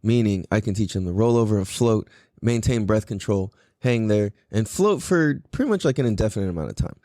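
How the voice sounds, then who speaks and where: Man, 30s, podcast host. Lively, swinging delivery, slightly raised pitch, dry close sound. Casual and profane. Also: fairly quick, no room sound. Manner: animated, profane, laughs often. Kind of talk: casual storytelling.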